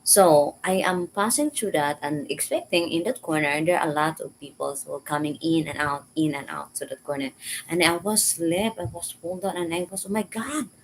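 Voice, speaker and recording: A woman casually telling a personal story in halting, repetitive English. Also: sits low, slight background noise, low-quality recording. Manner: halting, repeats words, simple learner English.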